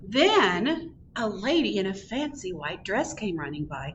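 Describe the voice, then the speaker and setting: Lady doing library storytime, lively up and down voice, faint hum behind. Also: mid-range voice, measured pace, dull audio. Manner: expressive, animated storytelling. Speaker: storytime reader. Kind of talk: reading a picture book aloud. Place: public library.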